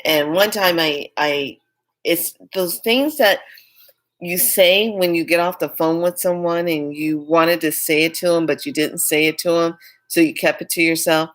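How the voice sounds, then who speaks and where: A woman's voice: on the low side, moderate pace. A woman telling a personal story in a candid, rambling, emphatic way. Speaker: spiritual vlogger.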